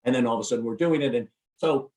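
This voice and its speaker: A man speaking as a podcast guest, giving an energetic, emphatic motivational talk with lots of repetition. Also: mid-range voice, rapid-fire, far from the mic. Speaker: guest, recruiting firm CEO and speaker. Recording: roomy, off-mic sound.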